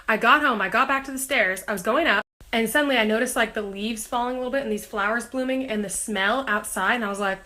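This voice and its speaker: A woman's voice: fairly high pitch, quick pace, few pauses, sharp tone. A young woman chatting to her fans in a casual vlog, bubbly and full of "like", still a little sick. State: recovering from being sick. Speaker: singer talking to fans.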